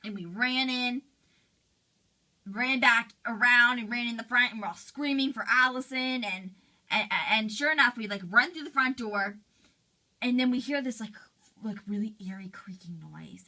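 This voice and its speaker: A woman's voice: mid-range voice, sharp tone, full character voice. A woman voicing a shaken teen girl recounting a scare. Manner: breathless retelling, lots of "like". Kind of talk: fan role-play interview.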